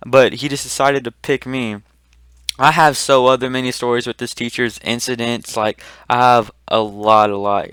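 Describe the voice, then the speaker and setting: A teenage boy rambling through a casual storytime vlog, full of "like" and restarts, getting louder and higher when he gets excited. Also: clear, resonant tone, no echo. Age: teens. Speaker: vlogger.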